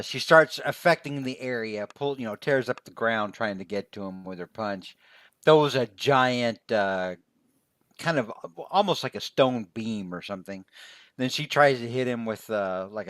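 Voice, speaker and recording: A man's voice: medium pitch, fairly bright tone, clean tone, no echo. A man recapping a comic fight in casual chat, rambling and joking with many fillers. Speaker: podcast co-host.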